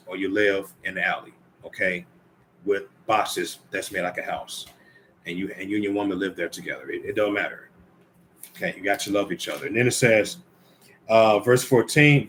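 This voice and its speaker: A man's voice: on the low side, fairly bright tone, slight background noise. A man giving informal Bible teaching, reading scripture aloud and commenting conversationally while speaking directly to the brothers and ladies listening.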